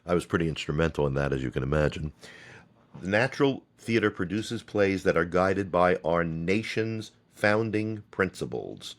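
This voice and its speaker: A man's voice: low voice, lively intonation, moderate pace. Rambling, sarcastic American man hosting a podcast. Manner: rambling, self-deprecating with sarcastic asides. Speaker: podcast host and theater company head. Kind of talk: solo podcast monologue.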